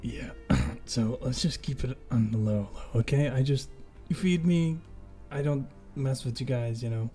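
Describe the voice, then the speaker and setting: A man plays a starving rat whose voice creeps into a mind, sighing and stumbling over its words. It begs in a low, furtive, hesitant way, even in pitch with a touch of background music. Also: close to an everyday voice. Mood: pleading, furtive. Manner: sighing, halting, pleading. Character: hungry male rat speaking telepathically.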